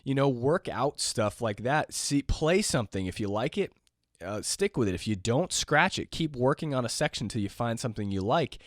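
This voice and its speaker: A man hosting a jazz piano podcast lesson, talking in a relaxed, rambling way with fillers, his voice going hoarse. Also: medium pitch, normal speed, dry recording, studio quality. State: losing his voice, clearing throat. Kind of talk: casual spoken lesson.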